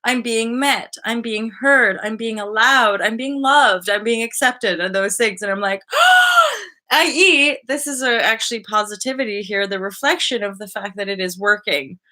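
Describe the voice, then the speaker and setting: Young woman, live-stream host, bright tone, chatty and spiritual, rambling asides. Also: fairly high pitch, moderate pace, hardly any pauses. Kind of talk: casual live-stream chat to viewers.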